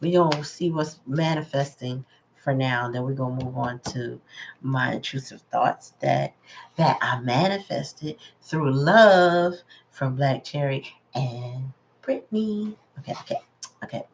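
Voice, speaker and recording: A woman's voice: very deep voice, measured pace, noisy background. A woman reads tarot in a loose, conversational way. She muses aloud as she talks to her viewers. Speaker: tarot reader. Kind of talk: casual live tarot reading.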